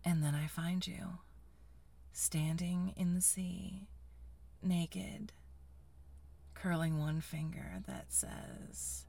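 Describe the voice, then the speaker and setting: A woman telling an intimate story in first person in a breathy, sighing, hushed whisper, as a whispered role-play. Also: fairly low pitch, fairly even intonation, extremely slow, long pauses. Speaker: erotic audio narrator.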